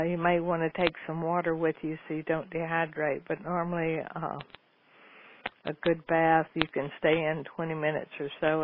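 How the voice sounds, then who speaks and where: A woman hosting a call-in advice show, talking in a homey, folksy, meandering way. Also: low-pitched. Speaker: radio show host answering listener questions. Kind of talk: casual call-in advice talk. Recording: phone-like lo-fi radio with faint noise.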